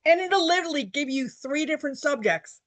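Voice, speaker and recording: A woman leads an online workshop in a fairly high voice, walking through each point plainly and restating it in new words. She is getting over a cold, and her voice sounds close and dry with no room around it. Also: animated, brisk, fairly bright tone, no room sound. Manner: plain, explanatory, repeats points in other words. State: getting over a cold, coughing now and then. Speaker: workshop presenter.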